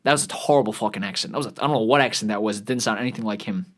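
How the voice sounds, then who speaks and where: A man's voice: on the low side, rapid-fire, fairly bright tone. A man hosting a vlog, ranting in a profane, rambling, sarcastic way while scrolling social media. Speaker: vlog host.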